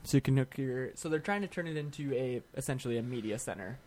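A man co-hosting a podcast, talking tech news in a relaxed, wry way with quick asides. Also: mid-range voice. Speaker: podcast co-host. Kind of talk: casual tech chat.

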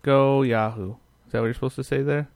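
A man's voice: mid-range voice, fairly even intonation, a little fast, darkish tone, no echo. A man co-hosting a podcast, chatting casually about tech news and often trailing off mid-thought. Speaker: podcast co-host.

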